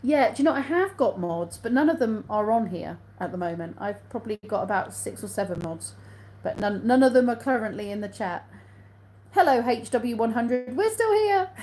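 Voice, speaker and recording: A woman's voice: a little high, moderate pace, darkish tone, poor audio. An English woman hosting a casual live stream on her phone, reading out viewer comments, answering them and laughing often. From England.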